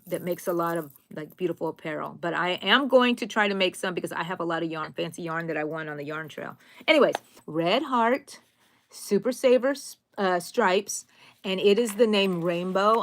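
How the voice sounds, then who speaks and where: A woman's voice: on the low side, fairly bright tone. A middle-aged woman hosts a casual crochet live stream, chatting in a rambling way, greeting viewers by name, and turning tender and sentimental. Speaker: crochet channel host.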